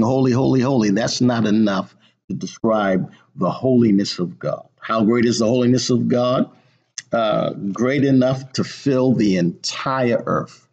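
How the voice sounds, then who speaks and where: A man delivers a sermon at a very slow, deliberate pace, leaning on repetition to stress his words. His voice sits a little low, and the recording sounds dull and lo-fi. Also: darkish tone, husky. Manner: slow and deliberate, repeats words for emphasis, frequent "uh". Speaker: preacher.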